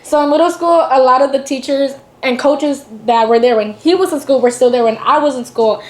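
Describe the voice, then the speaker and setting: A young woman hosting a podcast in casual conversation, her voice pitched a little high. She talks at a rapid clip and keeps breaking in with curious questions. The recording sits in a noticeably echoey room. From Waukegan area, Illinois. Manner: curious, chimes in with quick questions. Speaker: podcast host. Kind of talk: casual interview chat.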